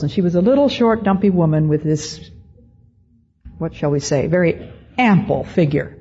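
An older woman giving a storytelling talk to an audience, speaking in a measured, deliberate way with frequent pauses. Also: deep voice, mellow, a little hiss or hum. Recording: dull lo-fi recording.

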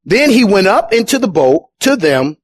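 A man preaching a sermon as pastor, animated, acting out the voices of the people in his stories. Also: high-pitched, normal speed, no room sound.

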